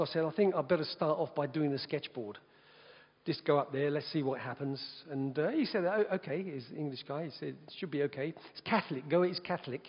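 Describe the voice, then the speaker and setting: Man, high voice, lively testimony storytelling, laughs a lot, long hall echo, dull muffled sound. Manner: lively, laughs often between phrases. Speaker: evangelist giving his testimony.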